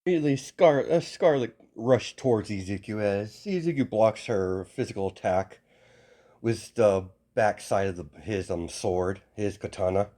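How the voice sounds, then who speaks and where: A man improvising a fan story as narration, halting often with restarts and self-corrections. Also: on the low side, dark tone.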